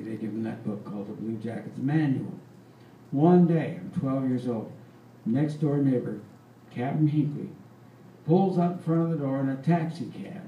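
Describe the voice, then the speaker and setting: A man in his eighties, a folk performer and storyteller, tells a rambling, folksy story on stage at a live venue, chuckling as he goes. His mid-range voice is warm, with a little hiss or hum. The recording comes from a roomy live hall with a distant mic and faint ambience.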